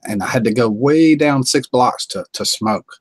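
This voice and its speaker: A man's voice: medium pitch, normal speed, husky, no room sound, low-quality recording. A man from North Carolina with a Southern accent, hosting a casual live-stream chat in a folksy, drawling way and reading viewers' comments aloud.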